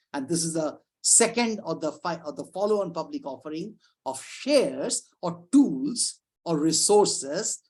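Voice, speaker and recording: A middle-aged woman, a psychiatrist giving an informal lecture over a video call, talking in a lively, conversational way with frequent restarts and asides. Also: fairly low pitch.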